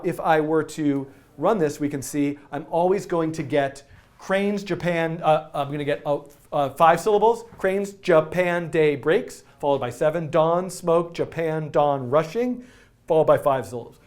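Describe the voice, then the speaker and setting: A man teaching a live-streamed coding lesson, talking through his code as he types and joking at his own expense. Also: on the high side. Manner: chatty, self-narrating while typing code; jokey, laughs at himself. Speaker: coding instructor.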